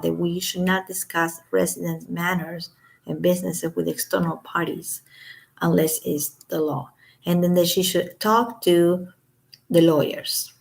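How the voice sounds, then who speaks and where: A woman's voice: lowish voice, creaky. A woman giving casual commentary as a vlogger, reading statements aloud and breaking off with sarcastic, scoffing asides.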